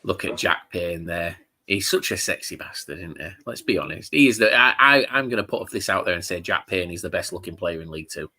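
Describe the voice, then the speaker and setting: A man's voice: deep voice, expressive, fairly quick, few pauses, bright, forceful tone. A man co-hosting a casual football watchalong chat, jokey and full of banter. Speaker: podcast co-host.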